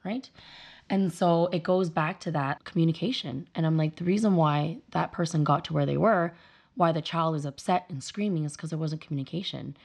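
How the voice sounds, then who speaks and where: Young mom guest chatting in an interview, low gravelly voice, animated storyteller. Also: female voice, fairly quick. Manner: animated storyteller, acts out her kids' voices. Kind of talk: casual conversational interview.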